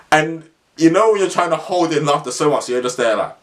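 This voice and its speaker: A man's voice: fairly high pitch, lively intonation, a little fast, fairly bright tone. A young man, telling a funny story in a casual vlog, slangy and rambling, often laughing as he talks. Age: young adult. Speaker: vlogger.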